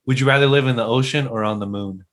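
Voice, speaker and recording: A young man co-hosts a relaxed podcast chat, firing off questions. He keeps a playful, teasing edge in a voice of ordinary pitch. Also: quick pace. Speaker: podcast co-host.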